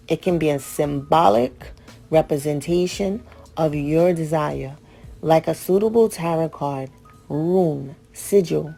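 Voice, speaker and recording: A woman's voice: deep voice, vocal fry, warm tone. A woman hosting a radio show, reading out ritual steps and breaking off for blunt, profane, joking asides.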